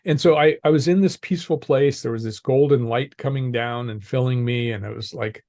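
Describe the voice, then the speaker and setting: Older man, calm measured storyteller, mid pitch, dry close sound. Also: no room sound. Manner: calm, measured, laughs often. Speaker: podcast guest, executive coach. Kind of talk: storytelling in an interview.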